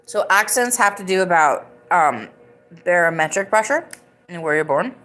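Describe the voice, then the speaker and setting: Hosting a live podcast, this woman rambles in casual chat packed with "like"s. Her voice sits lowish and a bit bright, with lively intonation and a moderate pace, while faint music plays behind.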